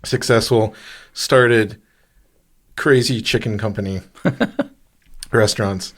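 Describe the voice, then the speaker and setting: A man's voice: on the low side, slow. A man co-hosting a podcast in a studio, chatting casually, rambling and trailing off while laughing at his own jokes. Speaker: podcast co-host. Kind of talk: casual chat.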